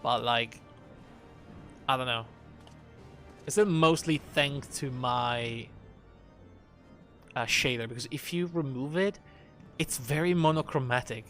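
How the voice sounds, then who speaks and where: A man casually chatting as he plays a game on a live stream, relaxed and full of little hedges and fillers. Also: mid-range voice, slow, pauses often. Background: game music.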